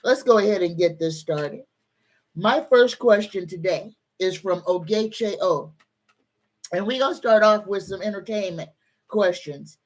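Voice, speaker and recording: A woman's voice: mid-range voice, a little slow. A woman hosting a live-stream tarot reading. She chats with viewers and greets them by name, and she calls on the universe and her spirit guides. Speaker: psychic tarot card reader.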